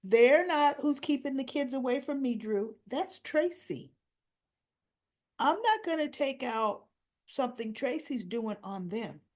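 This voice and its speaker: A woman's voice: high voice, expressive, a little slow, a little mellow, voice pushed up. A woman doing an anxious, pleading young woman. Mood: insistent.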